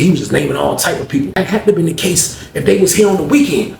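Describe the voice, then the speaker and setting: Brief: man, storytelling host, animated and slangy, a touch higher voice, echoey room. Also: fast, gravelly, a little hiss or hum. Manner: animated slang-heavy telling, acts out quarrels loudly. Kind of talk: casual storytelling.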